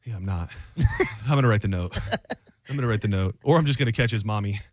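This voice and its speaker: A man's voice: on the low side, fast talker, no echo, clean studio sound. A man hosting a talk radio show, chatting casually with his co-host in a self-mocking, rambling way full of restarts.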